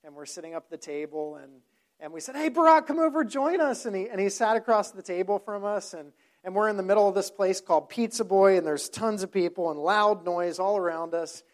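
A man's voice: sits high, fairly quick. A man, a pastor, telling a story in a sermon in a conversational way, with frequent repeated words and quoted dialogue.

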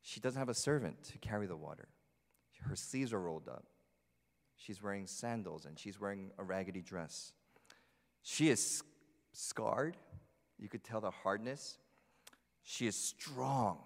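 A man's voice: on the low side, lively intonation, unhurried, pauses often. Chatty preacher man in a reverberant sanctuary. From New Jersey. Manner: chatty, asks the congregation questions. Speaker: pastor. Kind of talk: conversational sermon. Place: church sanctuary. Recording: long hall reverb.

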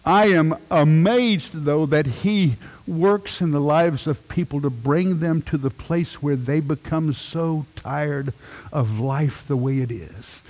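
A middle-aged man, a pastor, preaching a sermon with emphatic swells and hushed moments. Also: a little high, long reverb tail.

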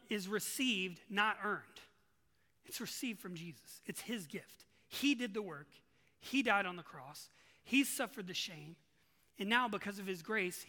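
A man's voice: high voice, bright, forceful tone, in a large hall. A male pastor preaching a sermon in a church, earnest and emphatic, repeating his key phrases.

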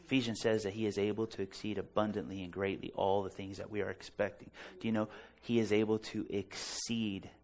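A preacher telling an animated, self-deprecating story during a church service. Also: male voice, on the low side, a little fast, hardly any pauses. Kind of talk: storytelling sermon.

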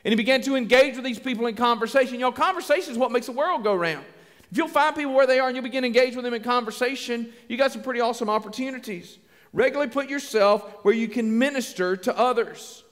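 A man preaching a sermon as pastor, folksy and animated, acting out little everyday conversations. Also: very high-pitched, fast talker. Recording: long hall reverb.

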